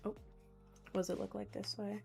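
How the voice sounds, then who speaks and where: A woman's voice: mid-range voice, little pitch movement, brisk, creaky, dark tone, soft background music. A young woman livestreaming, chatting casually and reading out viewers' comments with frequent laughs. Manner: rambling and giggly, reading out chat.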